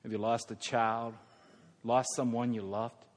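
An older man preaching a sermon as pastor, moving from hushed, tender lines to loud, emphatic ones. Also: mid-range voice, flat delivery, measured pace. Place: church sanctuary. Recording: long reverb of a church hall.

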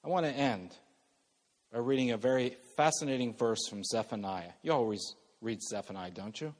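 A middle-aged male pastor preaching a sermon earnestly, moving between loud emphasis and soft, hushed passages. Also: mid-range voice, normal speed, in a large hall.

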